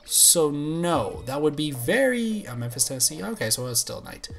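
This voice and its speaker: A man live-streams a game and chats with his viewers in a loose, goofy ramble. His voice swings widely and readily jumps into excited yelps. Faint music plays behind him. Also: on the high side, moderate pace, vocal fry. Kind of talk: live gameplay commentary.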